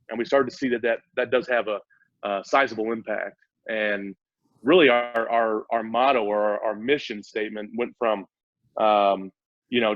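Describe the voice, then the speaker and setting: A man's voice: lowish voice, no room sound. A man speaking as a startup CEO guest in a casual interview, eager and explaining at length with frequent restarts. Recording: dull, dry lo-fi audio.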